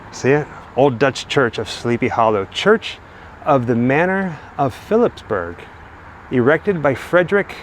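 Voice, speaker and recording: A man narrates a walking-tour vlog, chatty and enthusiastic as he shows viewers around. He talks into a handheld camera mic outdoors, with faint traffic passing behind him. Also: medium pitch. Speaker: travel vlogger. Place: outdoors in a cemetery by a busy road. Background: faint cars and trucks.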